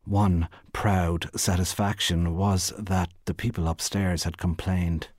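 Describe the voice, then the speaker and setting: A man reads a literary short story aloud, measured and even. His voice sits very low with a husky grain, recorded close in a dry space. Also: no echo. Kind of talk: literary reading.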